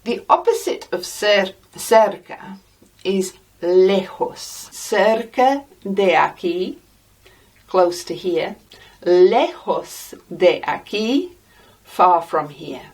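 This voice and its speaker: An English woman teaching a Spanish lesson, repeating each word slowly and deliberately for practice. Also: mid-range voice, animated, darkish tone, husky, far from the mic. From England. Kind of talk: slow, deliberate language lesson.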